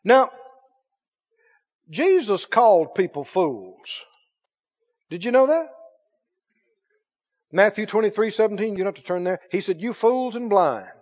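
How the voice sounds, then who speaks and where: A man preaching a sermon as pastor, reading scripture aloud with animated delivery. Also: high voice, measured pace, pauses often. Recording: dull sound in a long-reverb hall.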